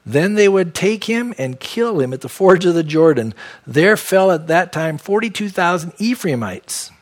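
Folksy pastor, a bit high voice. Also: male voice, animated, normal speed. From San Diego. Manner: conversational, folksy asides. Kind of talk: verse-by-verse Bible teaching.

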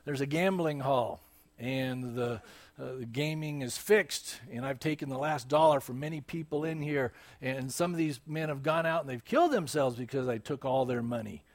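A man's voice: mid-range voice, normal speed, close to an everyday voice. A male preacher voicing a hardened man who owns a gambling hall, telling of his crimes in a pleading, insistent way. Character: hardened male gambling-hall owner, menacing then broken.

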